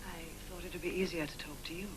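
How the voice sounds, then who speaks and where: An actress playing a reserved young fashion model in a 1950s crime film, speaking in a hushed, careful way. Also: female voice, lowish voice, fairly even intonation, fast, recorded from a distance, natural voice, rough recording. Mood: guarded. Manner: reserved, hushed, then sharp.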